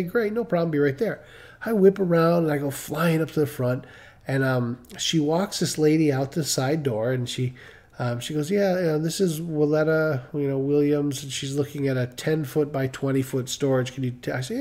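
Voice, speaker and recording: Man with a warm, mellow voice. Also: on the high side. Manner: rambling, acts out quoted dialogue. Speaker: storyteller on a live stream. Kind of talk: casual storytelling.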